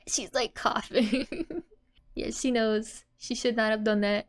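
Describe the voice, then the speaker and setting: A young woman explains a language lesson in a relaxed, casual way and laughs often as she goes. She speaks slowly and deliberately. Her voice sits a little higher than average. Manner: giggles often between explanations. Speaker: language teacher.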